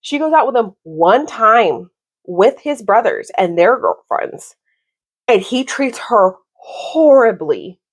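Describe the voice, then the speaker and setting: Animated woman ranting about a book. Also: on the high side, takes it slowly, breathy edge. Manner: animated, exasperated, lots of "like". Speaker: book vlogger. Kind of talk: casual book review rant.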